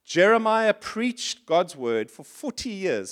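Male pastor, high voice, lively preaching style, puts on complaining voices. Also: normal speed. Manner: animated, acts out complaining voices in higher pitch. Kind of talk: sermon. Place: church.

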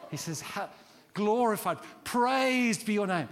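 Animated preacher man in a reverberant hall. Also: a little high, unhurried. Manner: animated, acts out quoted prayers. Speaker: pastor. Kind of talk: sermon. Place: large church hall.

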